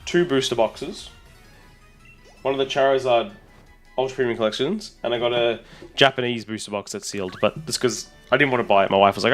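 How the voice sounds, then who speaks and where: A man, a streamer, chatting casually and excitably with his audience while rambling on. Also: mid-range voice, fast, pauses often, faint music behind. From Australia. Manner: excitable, rambling, talks to chat. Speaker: streamer and content creator. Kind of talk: casual live-stream chat.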